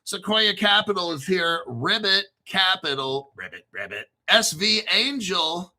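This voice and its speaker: A high-pitched man with a very bright, piercing tone hosts a crypto show in a loose, rambling monologue. He sounds excitable and swears freely, stopping now and then to spell out names letter by letter. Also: measured pace.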